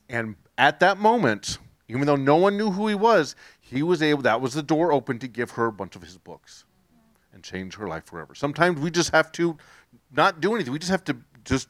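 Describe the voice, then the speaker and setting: A man's voice: fairly high pitch, sing-song, moderate pace, a bit bright, no room sound. A man sharing his faith testimony with a group, earnest and rambling, often restarting his sentences.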